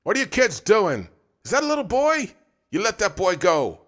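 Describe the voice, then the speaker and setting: A man's voice: medium pitch, very animated, normal speed, pitched above the performer's own voice. A man reading an audiobook, voicing an angry adult passerby who calls out sternly in a raised voice. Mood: alarmed. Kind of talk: audiobook narration.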